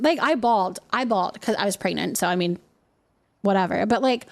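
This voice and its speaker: A livestreaming mother in her thirties laughs often as she chats casually with viewers during a game. Her voice sits fairly high, and she talks briskly and expressively.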